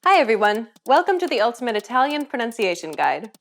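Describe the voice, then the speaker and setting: A woman teaching a scripted pronunciation lesson, explaining clearly and upbeat, modeling example words. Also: fairly high pitch, sing-song, quick pace, fairly bright tone, soft background music. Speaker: language teacher.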